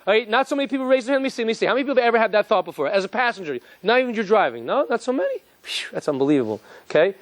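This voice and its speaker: Man, rabbi, lively joking lecture, high voice, quick delivery, dry sound. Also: no echo. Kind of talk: interactive lecture to a live audience.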